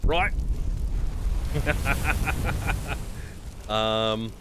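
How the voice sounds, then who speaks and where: A man's voice: very slow, background noise. A man streaming a game live, chatting casually with his viewers and reacting to what happens on screen. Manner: animated, jumpy pitch with sudden high exclamations. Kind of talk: casual live gameplay commentary.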